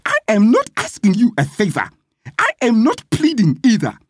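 A narrator voicing a fearless, bossy young housemaid who shouts commands in a sharp, high voice, read as a storybook figure. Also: breathy edge, dry recording, clean studio sound, heavily acted. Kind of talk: storybook reading.

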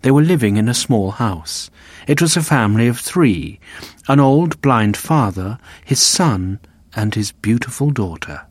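A man slowly reading a simplified classic novel aloud for learners, including the page numbers, in an even, deliberate voice. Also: medium pitch, dry recording. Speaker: audiobook narrator. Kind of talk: reading a graded reader aloud.

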